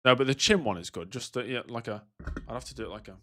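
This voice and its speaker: A man's voice: mid-range voice, fast talker, sharp tone. A man streaming a racing game, chatting in a rambling, wry way. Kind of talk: casual live-stream chat while gaming.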